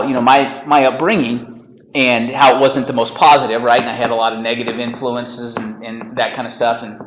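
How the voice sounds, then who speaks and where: A man's voice: mid-range voice, fairly bright tone, slight background noise. A man coaching a group session, upbeat and chatty, often laughing and checking in with "right?". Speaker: real estate coach leading a group session. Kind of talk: energetic group coaching talk. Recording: roomy meeting room.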